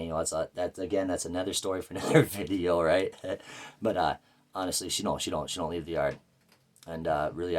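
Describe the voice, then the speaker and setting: A man's voice: deep voice, darkish tone. A man telling a rambling, profane story about his life in a casual, blunt way. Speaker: vlogger.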